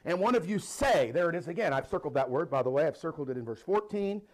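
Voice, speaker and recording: A middle-aged male pastor preaching a sermon, animated and laughing now and then as he reads and explains scripture. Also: fairly high pitch, fast talker.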